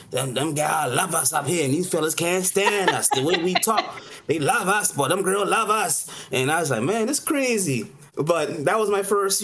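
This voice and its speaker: Rambling chef in his forties. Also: fairly high pitch. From Charleston, South Carolina. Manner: rambling, lively, lots of "you know". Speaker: chef, interview guest. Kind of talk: casual interview storytelling.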